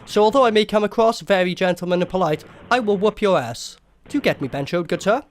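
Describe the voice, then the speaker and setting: A man making a comedic prank phone call, talking in an exaggeratedly polite, mock-formal gentleman manner. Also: sits high, fast talker. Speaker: prank caller.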